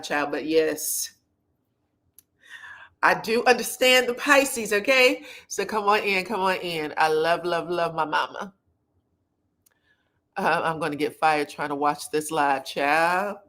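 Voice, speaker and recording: A woman's voice: medium pitch, unhurried. Chatty woman hosting a live review. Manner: chatty, animated, laughs often. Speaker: reality TV review host. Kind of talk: casual live-stream chat.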